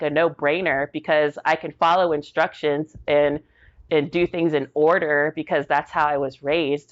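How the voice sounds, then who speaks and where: Low-voiced woman telling animated stories. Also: dull audio. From Tampa, Florida. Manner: animated storyteller acting out quotes. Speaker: podcast guest, military veteran. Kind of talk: storytelling in a casual interview.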